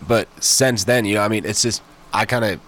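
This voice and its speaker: A man's voice: on the low side, moderate pace, fairly bright tone. A man with a stuffy nose, a developer being interviewed, explaining technical things eagerly with many fillers. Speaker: guest, software developer. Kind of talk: casual interview chat.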